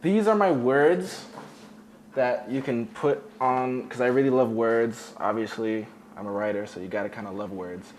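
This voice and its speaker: This young adult man, once homeless, has a mid-range voice at a normal speed, with slight background noise in the recording. Chatty, laid-back and joking, he tours his apartment indoors and uses "like" often.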